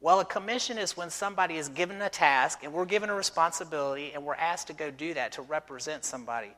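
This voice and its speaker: A man's voice: on the high side, fast talker, sharp tone, in a large hall. A middle-aged man who is a missionary, preaching a sermon in a church and telling stories with rhetorical questions. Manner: conversational storytelling with rhetorical questions. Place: church sanctuary.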